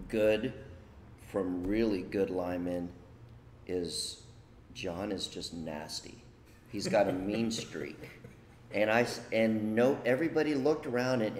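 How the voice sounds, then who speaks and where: A man's voice: fairly low pitch, a little mellow, slight background noise. A man hosting a casual interview and recounting a story in an easygoing way. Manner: easygoing, quick affirmations. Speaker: podcast host. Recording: roomy room with faint ambience.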